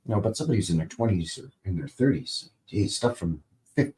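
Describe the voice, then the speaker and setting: A man's voice: sits low, expressive, fast talker, darkish tone, slight background noise. A man in his fifties hosting a casual live stream, commenting on old TV clips in a rambling way with joking asides and lots of fillers. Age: 50s. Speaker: channel host.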